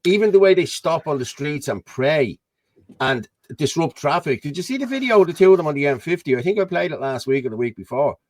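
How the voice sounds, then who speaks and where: A man's voice: fairly high pitch, expressive, a little fast, no room sound. A man with an Irish accent hosting a casual chat over a video call, rambling and often asking "you know what I mean". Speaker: host.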